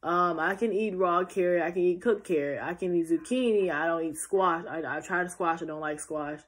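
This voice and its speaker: A woman's voice: on the low side, moderate pace. Tired teenage girl chatting to her phone. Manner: chatty, rambling, many restarts. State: tired and yawning. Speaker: vlogger. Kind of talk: casual Q&A vlog.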